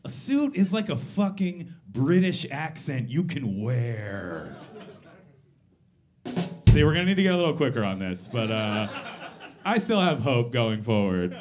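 A man in his thirties doing a live stand-up set in a basement venue, swearing freely, mocking himself and tossing quick asides to the crowd. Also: mid-range voice, big pitch swings. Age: 30s. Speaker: stand-up comedian.

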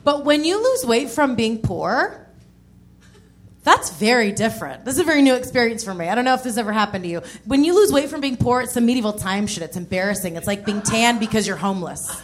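A woman's voice: fairly high pitch, lively intonation, a little fast. A woman in her thirties doing a stand-up set on a comedy club stage, candid and self-mocking, with laughing asides. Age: 30s. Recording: live band music behind.

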